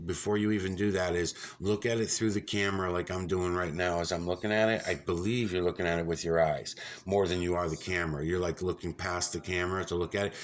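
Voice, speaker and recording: A man vlogging casually from his computer desk, rambling, swearing often and getting excitable, with lots of fillers. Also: deep voice. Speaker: YouTube vlogger. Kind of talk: casual off-the-cuff vlog talk.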